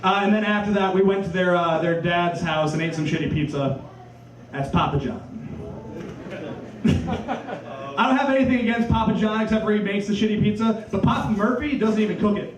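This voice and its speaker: A young man from Iowa performing a stand-up set, deadpan and dropping into silly voices for punchlines. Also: sits high, moderate pace, crowd noise. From Cedar Valley, Iowa. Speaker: stand-up comedian. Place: comedy club stage. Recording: echoey club from far off.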